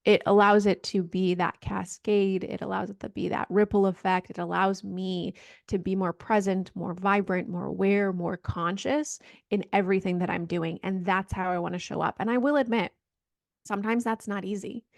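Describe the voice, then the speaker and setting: A woman's voice: medium pitch, flat delivery, moderate pace, gravelly, no room sound. A woman guest on a podcast, talking in an earnest, reflective way. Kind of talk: reflective casual chat.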